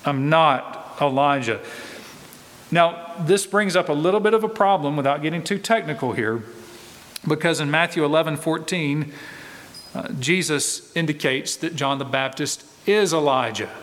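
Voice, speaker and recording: Guy preaching a bible study sermon, kinda high voice, big echoey church sound, asks lots of questions. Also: moderate pace, fairly bright tone. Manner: conversational teaching with rhetorical questions. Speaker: pastor. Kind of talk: expository sermon.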